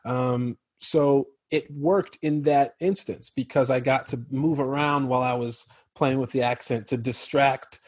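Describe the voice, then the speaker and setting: Husky american guy chatting on a podcast, dry close sound, laughs a lot. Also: mid-range voice, steady tone, a little slow, few pauses, a little mellow, no echo. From Chicago. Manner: loose, rambling, laughs often. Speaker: guest actor. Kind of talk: casual podcast chat.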